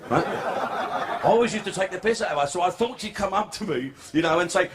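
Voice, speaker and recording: Male stand-up, crude and brash, high pitched, live club recording with audible noise. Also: lively intonation, a little fast, fairly bright tone. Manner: crude, swearing, brash storytelling. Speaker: stand-up comedian. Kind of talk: stand-up comedy set. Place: comedy club stage before a laughing audience.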